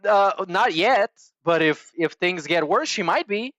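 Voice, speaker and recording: Man, sarcastic reaction host, crude mockery, swooping pitch, dry close sound. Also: animated, unhurried, fairly bright tone, dry recording. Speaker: podcast host reacting to stream clips. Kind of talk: reaction commentary.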